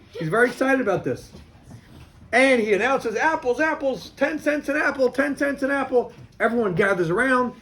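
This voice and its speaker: A rabbi teaches a class of boys in a lively, high-pitched voice that swoops widely. He tells his story animatedly, often restarting and repeating phrases.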